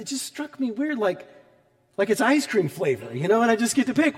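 A man's voice: high voice, big pitch swings, brisk, long reverb tail. A man, a pastor, preaching a sermon in a conversational, storytelling way, with emphatic repetition.

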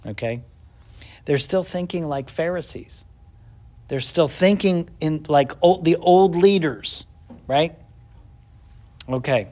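A man's voice: a little high, slow pace, pauses often. A man teaching a casual Bible lesson who asks the class questions, answers them himself and acts out bits of the story. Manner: animated storytelling with acted-out asides.

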